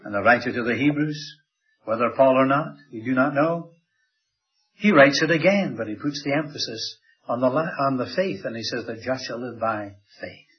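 A man delivers a sermon in a mid-pitched voice. He swings between loud, raised passages and quiet, dropped asides for emphasis. The recording sounds dull and lo-fi. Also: animated, moderate pace. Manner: dramatic rises and drops in pitch and volume. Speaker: preacher.

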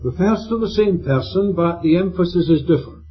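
A man's voice: high-pitched, fairly quick. A man preaching a sermon with an emphatic delivery, checking in with his listeners through questions. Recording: dull lo-fi recording with faint music.

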